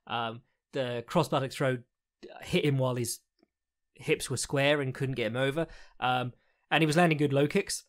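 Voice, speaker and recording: A man talking through a fight recap on his podcast, loose and rambling. He fills his thoughts with ums and uhs, swears now and then and laughs at his own remarks. His pitch sits in an ordinary middle range. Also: fairly even intonation, moderate pace, long pauses. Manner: rambling, frank, swears, frequent fillers and laughs. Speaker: podcast host, fight analyst. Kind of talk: casual solo commentary recap.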